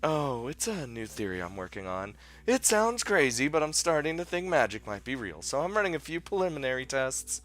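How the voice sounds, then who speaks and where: A man voicing a calm woman scientist in a fan dub, low-key and matter-of-fact. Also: brisk, few pauses. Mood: explaining.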